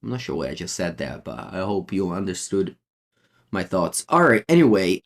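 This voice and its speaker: Italian guy streaming a card game, deep voice, rambles and ums a lot while chatting to viewers. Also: animated, normal speed. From Italy. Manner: rambling, many fillers and restarts. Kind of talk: casual gameplay commentary, answering chat.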